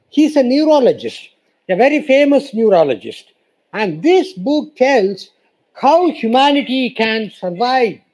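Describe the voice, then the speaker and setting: A man's voice: very high voice, a little mellow, rough recording. A man gives a formal lecture as a guest speaker, emphatic and repeating "you see" often. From India.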